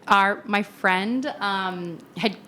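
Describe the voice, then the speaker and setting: A young woman with an Australian accent, co-hosting a casual podcast chat and telling animated stories, acting out other people's lines. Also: medium pitch, very slow, slight background noise. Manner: animated storytelling, acts out quoted voices, laughs often. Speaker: podcast co-host.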